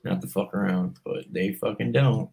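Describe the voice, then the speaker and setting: A man's voice: on the low side, steady tone, normal speed, gravelly, mellow, husky, rough recording. A man in casual online chat, venting in a heated, profane way.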